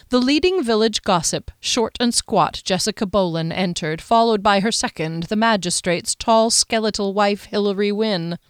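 A woman reading a novel aloud as an audiobook narrator in measured, even storytelling. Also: mid-range voice, smooth, no echo, clean studio sound. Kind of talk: scripted narration.

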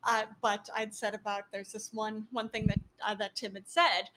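A woman's voice: mid-range voice, level tone, moderate pace, fairly bright tone, slight background noise. A woman co-hosting a casual podcast, rambling and laughing often as she reads out listener comments. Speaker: podcast co-host.

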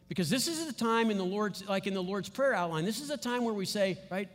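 A man preaching a sermon as pastor, emphatic and building to loud stresses on key words. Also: sits high, animated, brisk, hardly any pauses, faint music behind. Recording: long hall reverb.

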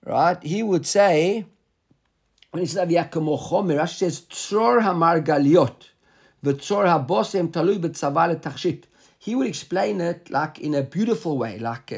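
A man with a high, husky voice teaches a Talmud class. He reads out the Hebrew and Aramaic phrases and then explains each one in plain English. Rhetorical questions keep the lesson moving. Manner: rhetorical questions, repeated "right?".

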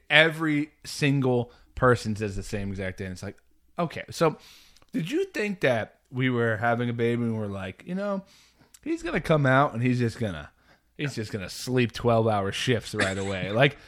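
Animated man laughing through casual chat. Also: mid-range voice, moderate pace. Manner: lively, laughs often, acts out quotes. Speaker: podcast co-host.

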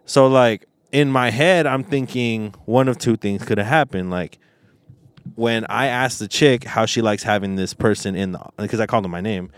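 A man's voice: lowish voice, moderate pace, no room sound. A young man hosting a casual podcast, retelling a story in a rambling way with lots of fillers and swearing. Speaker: podcast host.

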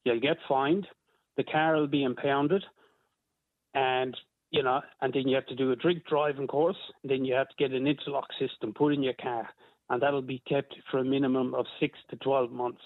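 A man from Ireland calling in, with an Irish accent and a slight Australian twang, relaxed and colloquial. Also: medium pitch, normal speed, no room sound. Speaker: caller. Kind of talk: phone-in call. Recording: tinny phone line.

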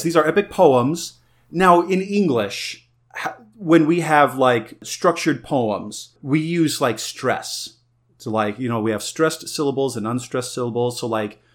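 A man co-hosting a podcast, casually and playfully explaining things with enthusiasm. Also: medium pitch. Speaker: podcast co-host.

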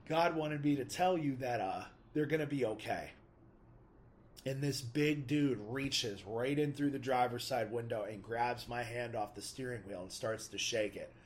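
Man telling a casual testimony story, acts out his own thoughts, mid-pitched, slangy. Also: a little hiss or hum. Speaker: storyteller giving a personal testimony.

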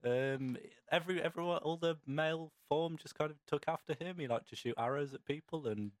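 A man's voice: a little high, brisk, no room sound. A man co-hosting a casual podcast chat, laid-back and meandering, often trailing off. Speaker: podcast co-host.

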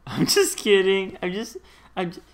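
A man's voice: sits high, lively intonation, slow, noisy background. A young man co-hosting a casual podcast, teasing his friends and repeating words for fun. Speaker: podcast co-host. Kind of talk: casual chat.

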